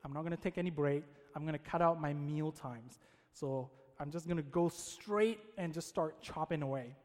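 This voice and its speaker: A man's voice: fairly high pitch, normal speed, big-room sound, lightly acted. A man voicing a young male woodcutter in a spoken story, keeping close to his own plain voice. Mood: determined. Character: young male woodcutter, eager, then frustrated.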